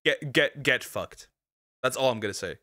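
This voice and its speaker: A man's voice: medium pitch, lively intonation, normal speed, pushed and bright. A male streamer reacting casually to a video, blunt and profane.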